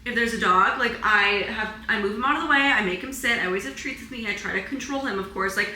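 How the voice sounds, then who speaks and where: At home in her apartment, a young woman who vlogs about wellness talks quickly in a fairly high, bright, forceful voice, on the verge of tears. The confessional vlog is rambling and full of "like," recorded with low quality, roomy sound and slight background noise.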